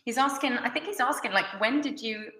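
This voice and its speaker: A woman's voice: on the high side, fairly quick, pushed and bright. A woman teaching Shakespeare in an online lesson, sniffly and caught by sneezing fits, often breaking off to excuse herself. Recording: echoey room with faint noise.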